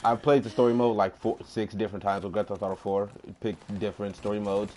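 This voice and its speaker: A man's voice: lowish voice, quick pace, slight background noise. A man casually chatting while streaming a game, rambling and ranting with some swearing. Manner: rambling, swears, animated rants. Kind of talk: casual gaming chat.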